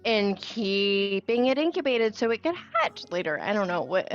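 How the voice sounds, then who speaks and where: A woman's voice: medium pitch, big pitch swings, moderate pace, dull audio, soft background music, close to an everyday voice. A woman voicing a shy, self-conscious teenage girl who stammers and rambles. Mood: flustered.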